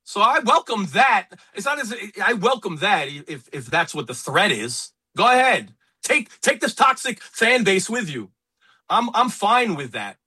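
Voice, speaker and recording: A man's voice: sits high, slightly rough. A man hosting a talk radio show, speaking in an emphatic, opinionated way about sports and politics. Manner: animated, emphatic, quick asides. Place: radio studio.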